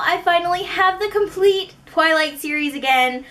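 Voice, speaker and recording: Canadian woman, book haul vlogger; high, bright voice; chatty, rambling, pokes fun at herself. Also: moderate pace. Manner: chatty and rambling, with self-mocking asides. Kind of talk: casual book haul chat.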